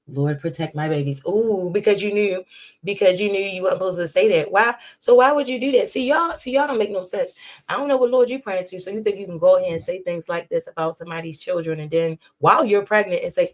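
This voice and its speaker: A woman hosting a celebrity gossip commentary, sassy and animated as she reacts. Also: medium pitch, fast. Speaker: host.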